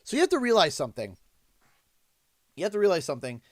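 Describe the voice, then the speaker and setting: A man with a Canadian accent, hosting a livestream and telling a casual story in an animated, exasperated way. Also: high voice, fast talker, dry recording, clean studio sound. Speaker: livestream host. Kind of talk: casual storytelling while streaming.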